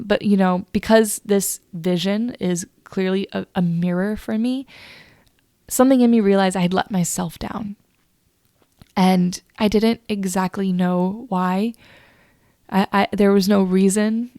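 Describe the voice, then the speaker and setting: Gravelly-voiced woman confiding a personal story. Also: mid-range voice, darkish tone, no echo, studio quality. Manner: confiding, emotional, halting with restarts. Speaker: podcast host. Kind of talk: solo podcast storytelling.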